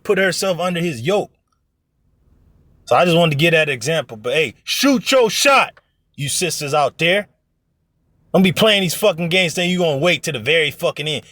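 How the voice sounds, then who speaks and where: A man's voice: fairly high pitch, a bit bright, no echo, studio quality. A man preaching informally to an online audience, blunt and profane, who acts out other people's voices in his stories. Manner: blunt, profane, emphatic exhortation. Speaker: religious teacher.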